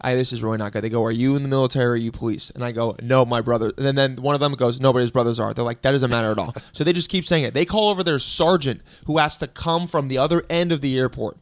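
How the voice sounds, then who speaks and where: Chill guy telling a podcast story, deadpan, middle pitch, super dry mic. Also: quick pace, hardly any pauses, no echo. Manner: laid-back, deadpan, quoting others in a flat low voice. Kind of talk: casual storytelling chat.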